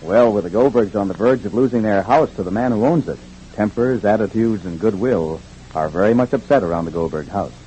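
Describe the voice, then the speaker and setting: A man's voice: lowish voice, brisk, slight background noise, rough recording. A man announcing and narrating a recap for an old-time radio show in scripted narration. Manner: lively dramatic announcing.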